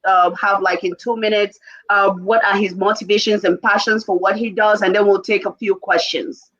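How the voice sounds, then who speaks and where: A woman hosts an interview and asks her guests questions, often stumbling over and repeating her words and laughing as she goes. Her voice has an ordinary middle pitch. The recording sounds dull and lo-fi. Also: steady tone, normal speed, a bit bright. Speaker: host.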